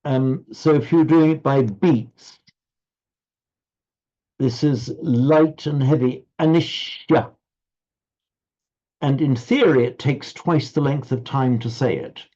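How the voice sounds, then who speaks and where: A man leads an online recitation class, explaining syllable rhythm patiently and stumbling into little restarts. His voice sits at a medium pitch. It comes through a slightly dull, lo-fi video call line. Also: slow, mellow. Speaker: Sanskrit recitation teacher.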